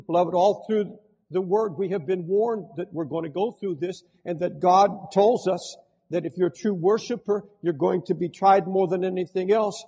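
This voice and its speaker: Older preacher man, high and breathy. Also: moderate pace, big-room sound, dull audio. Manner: fervent preaching, swings from shouting to hushed. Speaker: pastor. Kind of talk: sermon.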